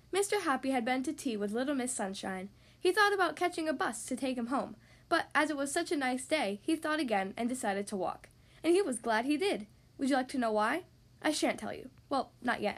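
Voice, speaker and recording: A woman hosting a podcast who reads picture books aloud to young children, with gentle, expressive storytelling. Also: sits high, fairly quick. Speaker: podcast host reading to kids.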